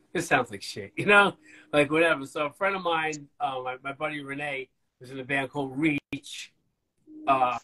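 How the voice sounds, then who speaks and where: A man, a band's bass player, telling stories in a casual, rambling, profane way during an interview. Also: low-quality recording. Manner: profane, rambling, animated storytelling.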